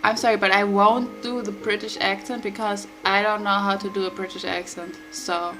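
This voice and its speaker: A woman's voice: mid-range voice, little pitch movement, normal speed, bright, forceful tone, poor audio. Woman chatting over a game. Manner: chatty, giggly and unpolished. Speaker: streamer. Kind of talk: casual gaming commentary. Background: game music.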